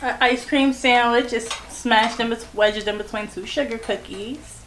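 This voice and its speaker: A woman's voice: fairly high pitch, fairly even intonation, a little slow, fairly bright tone. A woman co-hosting a casual eating show, chatting and laughing as she plugs the show. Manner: laughing, chatty promo talk. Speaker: co-host. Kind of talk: casual chat while eating. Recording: echoey room with faint noise.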